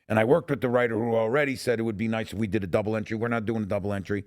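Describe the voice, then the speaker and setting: A man's voice: fairly low pitch, steady tone, very fast. A middle-aged man from Chicago hosting a podcast, telling stories casually and acting out quoted lines. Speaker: podcast host and technical advisor. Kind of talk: casual interview storytelling.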